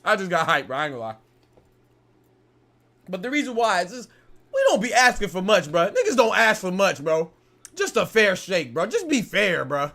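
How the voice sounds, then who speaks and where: A young man hosting a casual boxing podcast, talking in a heated, animated way and peppering his lines with "bro" and profanity. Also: sits high, moderate pace, long pauses. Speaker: podcast host.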